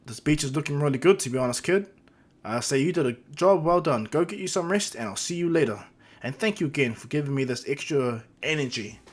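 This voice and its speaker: A man's voice: a little high, lively intonation, a little fast. A man voicing a boisterous adult superhero mentor who keeps calling the boy kid. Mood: hearty. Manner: hearty, calls everyone kid.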